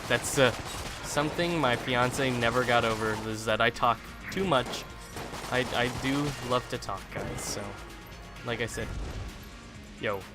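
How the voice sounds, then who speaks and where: A man's voice: medium pitch, unhurried, long pauses. Chatty man narrating his gameplay. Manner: chatty, rambling talker. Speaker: let's play host. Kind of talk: live gameplay commentary. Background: game music and gunfire.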